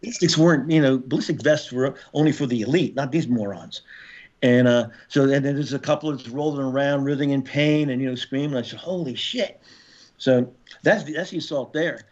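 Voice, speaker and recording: A man in his sixties, a former Marine and podcast guest, telling war stories in a casual, profane way and shouting out reenacted orders. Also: mid-range voice, fairly quick. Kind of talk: casual storytelling interview. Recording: slightly dull podcast audio.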